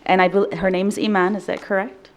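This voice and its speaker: A woman's voice: mid-range voice, level tone, brisk, crowd noise. A woman trustee giving an informal, good-humored comment at a school board meeting. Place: public boardroom.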